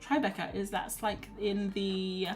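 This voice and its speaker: A woman livestreaming her art, chatting casually and laughing at herself as she thinks out loud. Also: mid-range voice, level tone, a little slow, faint music behind. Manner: chatty, self-deprecating, thinks aloud while reading chat. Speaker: art streamer.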